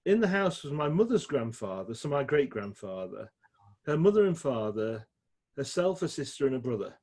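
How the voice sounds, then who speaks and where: A middle-aged man with a Yorkshire accent, telling stories in a chatty, animated way as an interview guest. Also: medium pitch, moderate pace, husky. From England. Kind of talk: casual storytelling chat.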